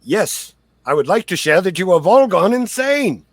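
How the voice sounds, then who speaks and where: A man voicing a pompous, panicky manservant with shrill, indignant outrage. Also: very animated, moderate pace, fairly bright tone, no echo. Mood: huffy.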